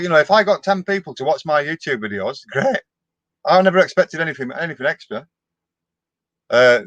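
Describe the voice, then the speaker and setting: This middle-aged vlogger hosts a live stream, casually answering viewer comments in a down-to-earth way and often restarting his sentences. His voice sits on the high side with a fairly bright tone. The recording is dry, with the highs cut off.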